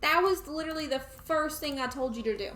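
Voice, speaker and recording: Here the young Tennessee streamer sounds high-pitched, fast and a bit bright as she chats casually through her gameplay. In her Southern accent she talks to viewers and to the game's characters, while faint music plays in a roomy, echoing space.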